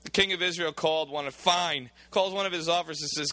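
A male preacher walks through a scripture passage, switching between formal reading and lively dramatic asides. His voice sits a little high and has a bright, sharp edge. The recording is close and dry. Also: fast, no room sound. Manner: animated, dramatizing, reads aloud in old bible wording. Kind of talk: expository sermon retelling scripture.

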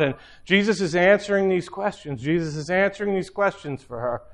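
High-voiced man preaching casually. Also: expressive, normal speed, few pauses, fairly bright tone. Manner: conversational, rambling, frequent fillers. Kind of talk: informal sermon storytelling.

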